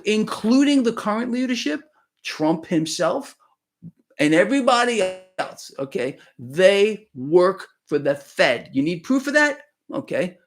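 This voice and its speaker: A man hosting a live stream, talking emphatically and preachily and often checking in with "okay?". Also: high voice. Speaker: livestream host. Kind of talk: casual live-stream talk.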